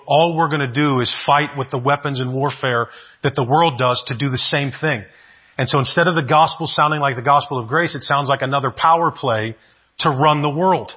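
A pastor preaching a sermon in an earnest way, often repeating words and asking "right?". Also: male voice, on the high side, slightly rough, lo-fi sound.

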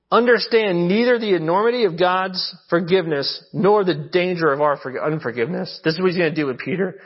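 A man's voice: sits high, breathy edge. A man preaching a sermon as pastor, reading scripture and then retelling it in a casual, joking way. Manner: casual, joking asides, paraphrases scripture conversationally. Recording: muffled lo-fi sound.

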